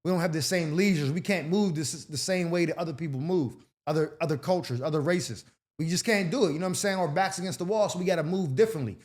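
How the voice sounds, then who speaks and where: High-voiced man giving blunt advice. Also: fast talker, a little mellow. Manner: slangy, blunt, streetwise banter; reads out viewer letters. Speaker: advice show host. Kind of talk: casual advice commentary.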